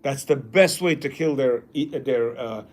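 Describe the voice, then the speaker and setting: A man's voice: medium pitch, a little slow, slight background noise. A man teaching a class in a casual way, reading a passage aloud and then commenting, often acting out quoted lines.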